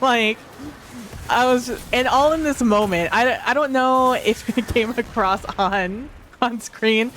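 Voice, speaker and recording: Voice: mid-range voice, a bit bright, a little hiss or hum. A tabletop role-play player reflecting casually on a livestream, rambling with many fillers and frequent laughter.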